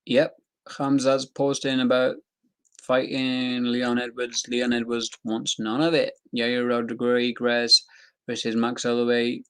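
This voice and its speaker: A young man rambles through fight news in a loose, chatty way, full of slang and filler words. His voice sits at an ordinary middle pitch. It is recorded close and dry, with almost no room sound. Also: monotone, slow, clear, resonant tone, no echo. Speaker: MMA news commentator. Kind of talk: casual commentary reacting to news.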